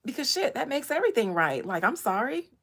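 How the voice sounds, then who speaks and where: A woman hosting a casual chat about astrology and gossip, animated, swinging from low murmurs to loud bursts. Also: fairly quick. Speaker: host.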